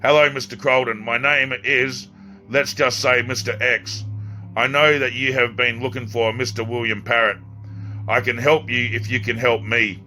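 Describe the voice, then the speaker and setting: A man reading aloud as a sinister cult leader on the phone, smooth and politely menacing. The voice is bright and forward, with faint music underneath the audiobook reading. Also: mid-range voice, level tone, moderate pace, lightly acted. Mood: menacing calm.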